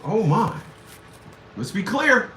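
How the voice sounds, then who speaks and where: A man hosting a livestream, ranting crudely with loud laughs and shouted outbursts. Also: sits high, big pitch swings, takes it slowly, noisy background. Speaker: livestream show host. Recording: echoey room, far from the mic.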